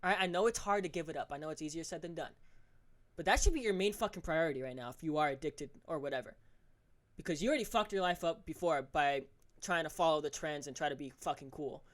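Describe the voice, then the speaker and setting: A man's voice: fairly high pitch, quick pace. A teenage male podcast host delivering a heated, profane solo rant, scolding his listeners directly. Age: teens.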